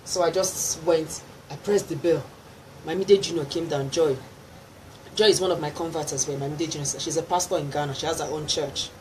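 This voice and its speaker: Nigerian woman telling a lively testimony. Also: deep voice, brisk, rough recording. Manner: storytelling with acted quotes and laughter. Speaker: gospel singer guest. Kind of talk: animated testimony. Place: radio studio. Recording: faint background noise.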